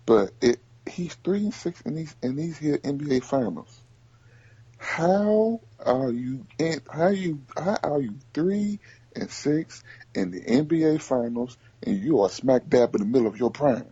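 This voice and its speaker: Dude hosting a sports podcast, pitch jumping all over, mellow kinda husky voice, dull lo-fi sound. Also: male voice, no room sound. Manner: animated, repeats himself, rapid bursts. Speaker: podcast host. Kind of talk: casual sports chat.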